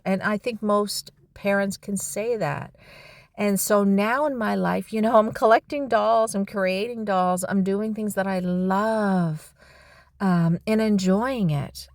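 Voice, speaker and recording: A middle-aged woman talking to camera in a personal, reflective vlog, heartfelt and halting, with sighs and restarts. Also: lowish voice, no room sound, clean studio sound. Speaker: vlogger.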